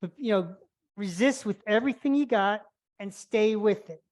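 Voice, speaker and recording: A woman's voice: medium pitch, normal speed, a little mellow. A woman teaching a live online stretching class, cueing each movement step by step and a little out of breath. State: slightly out of breath. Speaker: flexibility instructor.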